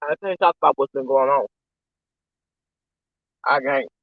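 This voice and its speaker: A man's voice: medium pitch, unhurried, vocal fry, no echo. A man rambling and venting in casual, profane chat on a live stream while eating, with a dull, muffled lo-fi recording.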